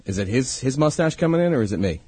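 A man's voice: mid-range voice, sing-song, fast, dark tone, breathy edge, dry recording. A man in his forties from Long Island, co-hosting a casual chat show, joking, teasing and laughing often. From Long Island, New York. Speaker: podcast co-host. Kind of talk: casual banter.

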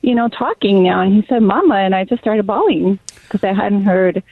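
A woman's voice: mid-range voice, moderate pace, no room sound. A middle-aged woman calling into a radio show, chattily telling a story about crying. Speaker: caller. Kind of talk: telling a story on air by phone. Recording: tinny phone line.

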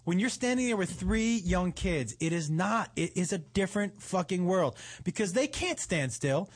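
A man's voice: sits high, normal speed. A man on a podcast telling a long, profane anecdote in casual chat, acting out the quotes. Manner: animated, profane, acts out quotes.

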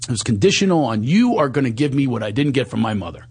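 Husky man telling a candid story. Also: medium pitch, big pitch swings, fast, a little mellow.

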